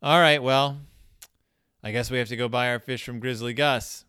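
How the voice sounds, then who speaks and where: A man's voice: mid-range voice, fairly even intonation, normal speed, sharp tone, clear, resonant tone, no echo, clean studio sound, voice pushed down, lightly acted. A man voicing a pious father bear who talks his way out of trouble, speaking in folksy storybook rhymes.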